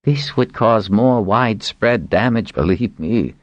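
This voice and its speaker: A man's voice: fairly low pitch, lively intonation, unhurried, no room sound, highs cut off, voice pushed up. A man voicing an anxious male scientist who earnestly warns of a coming disaster in an audiobook. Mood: warning. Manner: earnest, hasty.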